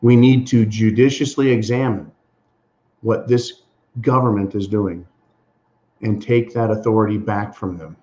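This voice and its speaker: A man's voice: on the low side, steady tone, unhurried, pauses often, darkish tone. Indignant American man ranting, dull lo-fi recording. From USA. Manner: indignant, emphatic, addresses listeners as folks. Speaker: channel host. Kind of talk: political commentary monologue. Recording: slightly dull lo-fi sound.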